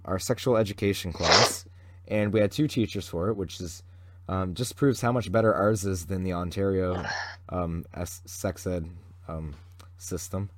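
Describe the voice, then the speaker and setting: A man's voice: fairly low pitch, a bit bright, slight background noise. A teenage boy from Canada, co-hosting a podcast and telling a rambling story full of fillers and restarts. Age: teens. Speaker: podcast co-host. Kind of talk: casual chat.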